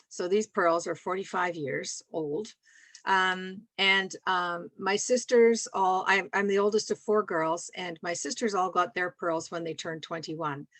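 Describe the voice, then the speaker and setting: A woman's voice: mid-range voice, dry recording. Scottish woman, 60s, rambling and laughing, dry video-call sound. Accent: softened Scottish. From Scotland. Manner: warm, rambling, laughs often. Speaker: guest speaker. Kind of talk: casual chat on a video call.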